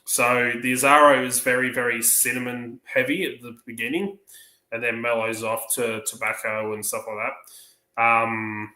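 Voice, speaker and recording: A man's voice: mid-range voice, level tone, normal speed, pushed and bright, reverberant, poor audio. An Australian man chatting casually on a livestream, rambling through a long story and acting out the dialogue. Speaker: livestream panelist. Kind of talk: casual chat.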